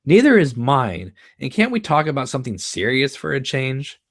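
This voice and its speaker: A man's voice: mid-range voice, huge pitch swings, normal speed, voice pushed up. A man reading a screenplay aloud live and voicing a caring middle-aged mother. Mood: soothing. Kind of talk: live screenplay read-through.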